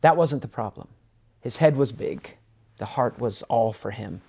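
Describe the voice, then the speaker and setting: A man's voice: medium pitch, a little slow, gravelly, darkish tone, breathy edge. A man co-hosting a podcast, talking earnestly in casual conversation and often acting out the voices of people he quotes.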